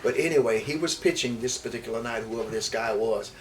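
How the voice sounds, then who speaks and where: An older man, a former baseball player, telling stories from his life in an interview. He talks in a rambling way, repeating words and restarting, and grows lively as he recalls events. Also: medium pitch, brisk. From Houston, Texas. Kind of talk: reminiscing storytelling in an interview. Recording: distant mic with faint background noise.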